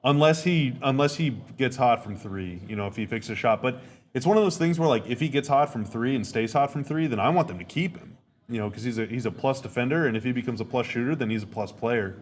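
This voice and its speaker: Talking fast in a mid-range voice, a man hosts a podcast where he reacts live and casually to a game. He rambles, says things more than once, and doesn't soften his opinions.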